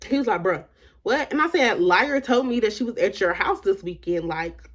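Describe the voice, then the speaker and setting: Woman vlogger, casual storytime, emphatic, leans on "like", mid-pitched voice. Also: expressive, normal speed. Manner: emphatic, repeats "like" often; candid, retells dialogue with shifting emphasis.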